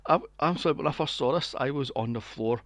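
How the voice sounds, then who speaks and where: A man co-hosting a podcast, recapping a film in casual chat, animated and swearing freely. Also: medium pitch, a little fast, no room sound. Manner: animated, swears freely, acts out quotes in a mocking voice. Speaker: podcast co-host.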